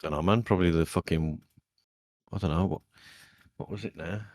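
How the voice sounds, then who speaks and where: A man's voice: deep voice, moderate pace. A young man, co-hosting a podcast and telling stories in casual, sweary chat. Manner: swears a lot, animated storytelling. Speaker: podcast co-host.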